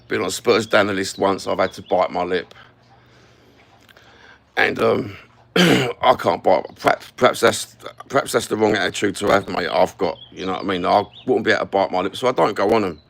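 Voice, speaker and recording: Standing somewhere with the camera on himself, a male YouTuber goes on a heated rant, blunt and full of swearing. His voice sits low and sounds creaky.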